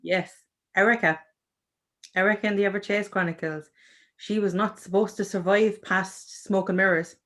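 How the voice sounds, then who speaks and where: An Irish woman speaks as a guest on a video-call interview. She is chatty and animated, often restarting her sentences mid-thought. The sound is that of a home video call. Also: mid-range voice, normal speed. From Ireland. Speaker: author guest.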